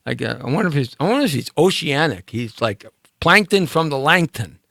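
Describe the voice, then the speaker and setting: A man's voice: on the high side, very animated, a little fast, gravelly, bright, forceful tone, dry recording, studio quality. A man hosting a live talk show in a casual, rambling, playful monologue, speaking directly to his listeners.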